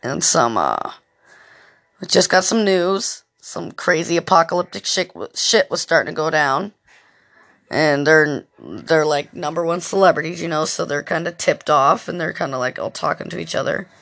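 A woman's voice: low voice, lively intonation, moderate pace, creaky, fairly bright tone. A woman hosting a podcast in a casual monologue, telling rambling stories full of swearing and fillers. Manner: profane, rambling storytelling with lots of fillers. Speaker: podcast host.

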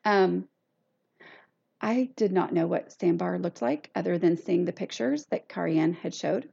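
A woman's voice: on the low side, lively intonation, measured pace, creaky, mellow, husky. A middle-aged woman, chatting casually and self-deprecatingly as a solo podcast host. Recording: dull lo-fi recording.

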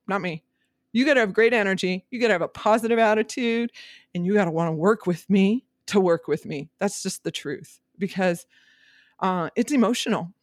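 A woman's voice: mid-range voice, no echo, studio quality. A woman real estate agent talking candidly in a podcast monologue, emphatic, direct and emotional.

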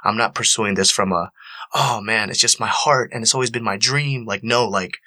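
A young man with a fairly low voice that still sounds bright and forward. He speaks earnestly and with emotion, repeating phrases to drive his point home. The recording is close and dry. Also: normal speed, no room sound. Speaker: actor and panelist. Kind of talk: personal storytelling on a panel.

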